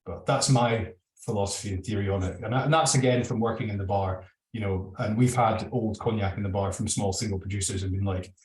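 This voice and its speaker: A man's voice: on the low side, fast, few pauses, darkish tone, reverberant, low-quality recording. A man with a Scottish accent talking casually over a video call, opinionated and rambling. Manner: opinionated, rambling, self-described drinks geek. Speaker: guest whisky bottler. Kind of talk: casual virtual tasting chat.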